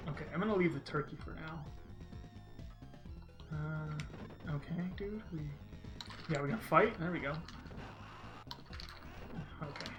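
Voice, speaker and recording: A man's voice: a little high, measured pace, pauses often, over music, rough recording. A man streaming a video game and chatting casually, rambling and reading viewers' messages aloud. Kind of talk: casual gameplay commentary.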